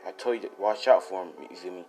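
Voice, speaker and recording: A man voicing a wary, protective female alien symbiote in a spoken fan story, speaking softly over background music. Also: low-pitched, quick pace, pitched below the performer's own voice, natural voice. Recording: music playing behind.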